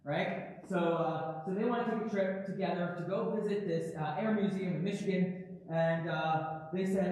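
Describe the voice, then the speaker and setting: A man's voice: sits high, measured pace, darkish tone. A man preaching a sermon as a pastor, telling a story and often tagging his sentences with "right?". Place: church sanctuary. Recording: very echoey church hall from far off, faint noise.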